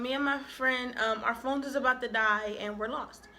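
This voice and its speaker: A young woman vlogger telling a story in a casual, animated way, acting out the quoted dialogue. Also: high voice, a little fast, few pauses.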